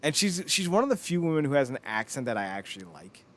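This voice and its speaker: A man's voice: medium pitch, fast talker. A man in his thirties hosting a podcast, chatting casually and joking with lots of laughter. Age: 30s. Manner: animated, joking, laughs often. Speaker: podcast host. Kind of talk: casual chat.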